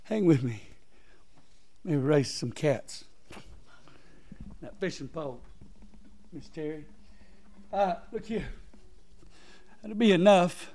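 A man preaching a sermon in a chatty way, swinging from loud scripture reading to soft, low asides. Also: slow, long pauses. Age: adult, father of three. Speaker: pastor.

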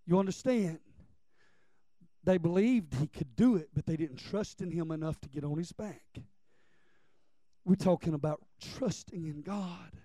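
High-voiced preacher telling stories. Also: male voice, dry recording. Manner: storytelling, emphatic, drops to quiet for personal stories. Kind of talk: sermon.

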